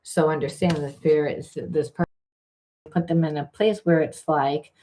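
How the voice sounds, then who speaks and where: A woman's voice: low-pitched, fairly even intonation, normal speed, dark tone, slight background noise. A woman spiritual coach giving a candid, emphatic spiritual reading, swearing freely and acting out the voices she quotes. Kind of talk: spiritual card reading monologue.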